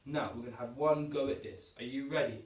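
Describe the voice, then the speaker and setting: A man's voice: mid-range voice, steady tone, a little fast. A man leads young children through a PE lesson from home, upbeat and encouraging as he counts down and shows each move. He stands a way off from the camera, so his voice is distant. The room gives it a roomy echo. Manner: upbeat, encouraging, demonstrating moves while talking. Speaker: PE teacher.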